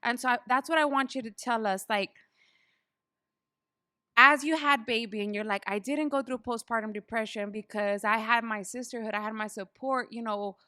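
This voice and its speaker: Brief: woman host, fairly high, bright tone, dry close sound, emphatic and encouraging. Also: moderate pace, no room sound. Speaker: podcast host. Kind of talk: casual interview chat.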